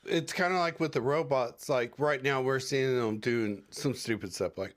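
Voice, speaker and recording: A man's voice: mid-range voice, measured pace, hardly any pauses. A man co-hosting a casual podcast who jokes and rambles, often acting out quoted lines. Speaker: podcast co-host. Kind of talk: casual chat.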